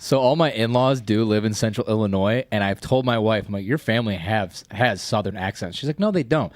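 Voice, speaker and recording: A man on sports talk radio rattles off a personal story at speed. His voice is low and the sound is dry and close. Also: dry recording. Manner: quick anecdotal storytelling.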